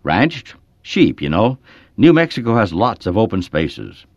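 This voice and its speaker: Here a man reads out a laconic young rancher, a fellow who clips every answer short. The voice sits fairly low but swings in lively jumps. It's caught on a dull, muffled recording with no room around it. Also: a little slow, no room sound, full character voice. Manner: terse, drawling, few words.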